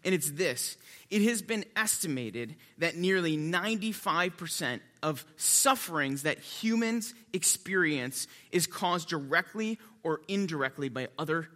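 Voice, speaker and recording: High, bright-voiced man preaching a sermon. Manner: animated, jokey asides, quiet reverent prayer. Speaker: pastor. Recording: long reverb of a large hall.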